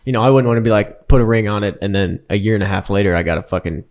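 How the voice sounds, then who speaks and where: A man's voice: fairly low pitch, rapid-fire, darkish tone. A young man co-hosting a podcast, teasing and swearing in casual chat. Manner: crude, teasing, profane. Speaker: podcast co-host.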